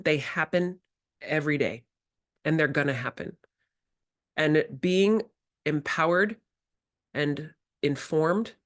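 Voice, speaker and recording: A woman presenting a workshop to educators, talking in a reflective, candid way and acting out her own quoted words. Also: low voice. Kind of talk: teaching workshop talk.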